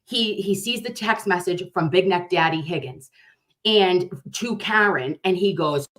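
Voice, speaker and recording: A woman's voice: lowish voice, unhurried. Rambling, foul-mouthed woman streamer. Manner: rambling, profane, animated storytelling. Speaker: livestream host. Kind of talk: casual livestream chat.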